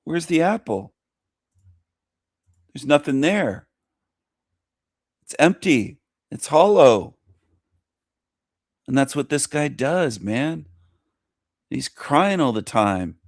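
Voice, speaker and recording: A man's voice: mid-range voice, big pitch swings, takes it slowly, long pauses, dry recording. A man mocking a video he is reacting to, sarcastic and crude.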